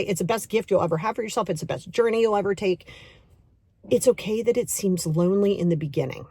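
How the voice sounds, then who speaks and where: A middle-aged woman hosting a podcast and giving a motivational self-help talk, emphatic and repetitive, coaxing the listener directly and acting out inner voices in quick asides. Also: mid-range voice, mellow, breathy edge, no echo. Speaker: podcast host and self-love coach.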